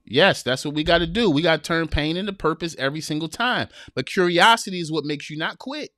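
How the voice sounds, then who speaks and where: A man's voice: on the high side, lively intonation, a little fast, fairly bright tone, no echo, studio quality. Earnest man giving a motivational talk. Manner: earnest, preachy, repeats himself for emphasis; folksy, addresses listeners as y'all. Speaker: podcast host.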